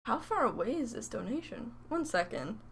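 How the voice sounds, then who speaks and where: A woman's voice: on the high side, big pitch swings, moderate pace, gravelly, a little hiss or hum. A young woman chatting casually on a live stream while she crafts, rambling and poking fun at herself. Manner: rambling, chatty, self-mocking.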